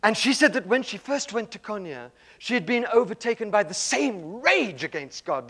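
A man giving a spiritual talk, telling a story dramatically and swinging between loud passages and hushed ones. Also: high voice, very animated, normal speed, few pauses, breathy edge. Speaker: speaker.

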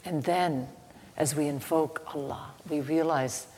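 A woman giving a slow, halting devotional teaching with a story, soft-spoken, recorded in an echoey hall with faint ambient noise. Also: low-pitched. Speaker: spiritual teacher.

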